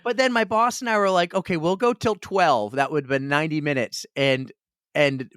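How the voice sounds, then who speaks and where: A man co-hosting a podcast sits close to the mic in a dry, dead room. His voice sits a little high for a man. He tells a rambling story with lively energy and often says a phrase twice. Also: moderate pace, clear, resonant tone, dry recording. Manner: animated storyteller, repeats phrases. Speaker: podcast co-host. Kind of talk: casual chat.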